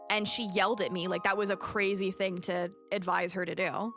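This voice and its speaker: A woman's voice: mid-range voice, flat delivery, a little fast, few pauses, music in the background. A woman livestreamer chatting casually and animatedly, telling a story while she plays and greets her chat.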